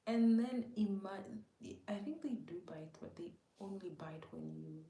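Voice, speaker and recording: A woman's voice: medium pitch, animated, measured pace, vocal fry, warm tone. A woman telling a story casually to her live chat, rambling and often half-whispering, with many filler words. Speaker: livestream host. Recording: echoey room with faint background noise.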